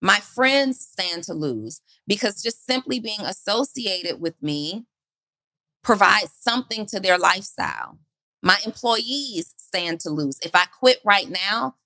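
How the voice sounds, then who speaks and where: Woman, motivational podcast talk, repeats questions, bright tone, dry close mic. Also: mid-range voice, lively intonation, takes it slowly, no room sound. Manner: earnest, repeats questions for emphasis. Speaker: podcast co-host.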